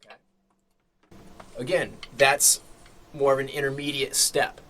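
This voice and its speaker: A man's voice: medium pitch, measured pace. A man teaching a drum lesson, explaining step by step and often checking in with "okay?". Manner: relaxed explaining, frequent "okay?" check-ins.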